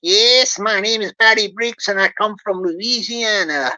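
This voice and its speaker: A woman's voice: medium pitch, bright, forceful tone, poor audio. A woman doing a scammer man in a fake Louisiana drawl. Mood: boastful. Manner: slow drawling put-on accent. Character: male scammer faking a slow Louisiana drawl.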